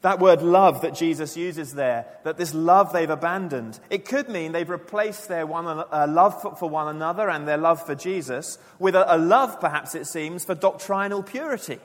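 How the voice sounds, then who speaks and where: A man preaching a sermon to his church, earnest and emphatic, dropping his voice low and quiet for key lines. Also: normal speed, few pauses. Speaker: pastor. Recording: long church reverb.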